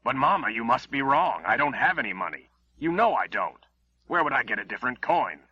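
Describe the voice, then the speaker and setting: A man's voice: medium pitch, very animated, a little fast, bright, forceful tone, breathy edge, dry recording, lo-fi sound, voice pushed up, full character voice. A man voicing a scheming young man who evasively pleads innocence to his mother in an audiobook. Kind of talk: audiobook character voice.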